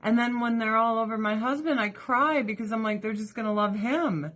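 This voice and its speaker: A woman's voice: fairly high pitch, fairly quick, a bit bright. A woman vlogger chatting casually to viewers, emotional and rambling, laughing often and swearing freely. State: weepy, emotional. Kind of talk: casual livestream chat.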